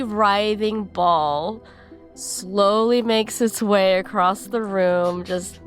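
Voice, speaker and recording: A woman's voice: medium pitch, extremely slow, faint music behind. A woman playing a tabletop game, playfully describing her character's actions. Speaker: player.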